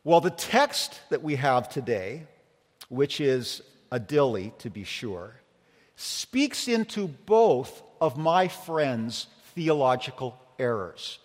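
A man's voice: mid-range voice, very animated, slow pace. A man preaching a sermon as pastor, telling stories conversationally, earnest with light humor. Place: church sanctuary. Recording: long church reverb.

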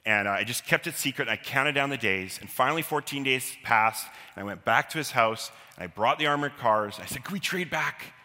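A man telling a personal childhood story live, animated and self-deprecating, acting out the quotes. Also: medium pitch, a little fast, hardly any pauses. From Canada. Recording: long hall reverb.

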